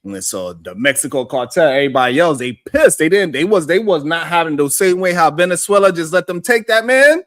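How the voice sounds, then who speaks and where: A man's voice: fairly high pitch, lively intonation, fairly quick, few pauses, fairly bright tone. A man hosting a live stream, chatting loosely with his co-host, swearing and joking. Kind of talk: casual chat.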